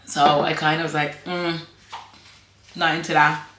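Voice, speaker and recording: Irish woman, casual vlog chat, low voice, bright tone, rambling, echoey room. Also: little pitch movement, a little slow, a little hiss or hum. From Ireland. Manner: chatty and rambling, laughs often. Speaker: vlogger.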